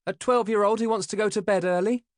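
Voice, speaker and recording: A man voicing a gentle, coaxing mother in an audiobook. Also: high voice, fairly even intonation, fast, no room sound, studio quality, pitched above the performer's own voice, lightly acted.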